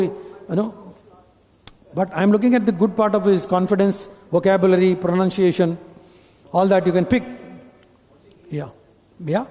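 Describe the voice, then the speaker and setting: A man's voice: high voice, warm tone. A man with an Indian English accent leading a live communication-skills training and quizzing his audience. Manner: instructive, addresses the audience with questions. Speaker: corporate trainer. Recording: long hall reverb.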